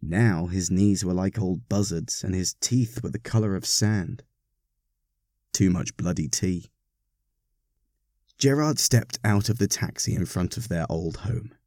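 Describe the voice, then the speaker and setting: A man reading a story aloud, narrating in an expressive, wry manner. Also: sits low, measured pace, no echo, studio quality.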